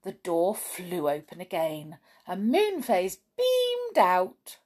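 A woman reading a children's book aloud, expressive, with chatty asides. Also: lowish voice, slow pace. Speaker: storybook reader.

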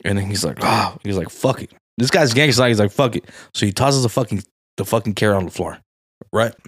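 A man's voice: lowish voice, expressive, fast, breathy edge, dry recording, studio quality. A man co-hosting a podcast in casual, crude chat, telling a story full of slang and calling people "dog" and "bro.". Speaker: podcast co-host.

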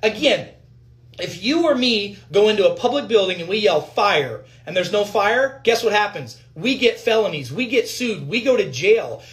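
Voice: mid-range voice, expressive, moderate pace. A physician in a fired-up, profane rant at viewers about news articles, hammering points with repetition. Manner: fired up, emphatic, repetitive, swears; addresses viewers directly. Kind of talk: ranting commentary on news articles.

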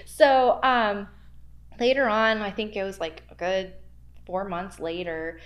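A woman's voice: mid-range voice, unhurried, fairly bright tone. A woman guest telling a spooky workplace story in a podcast interview, acting out the quoted dialogue with big jumps in her voice. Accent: American Midwest. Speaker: guest, library archives worker.

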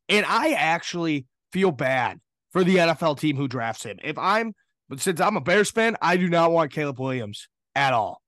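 A man's voice: a little high, expressive, moderate pace, a bit bright, dry recording, clean studio sound. A young man co-hosting a casual sports podcast, blunt and dismissive, swearing as he talks. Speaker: podcast co-host.

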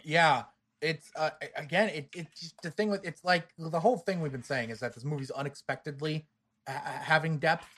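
A man's voice: fairly high pitch, brisk, a bit bright. Joking man in casual podcast chat. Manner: joking, rambling asides. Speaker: podcast co-host. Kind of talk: casual movie discussion.

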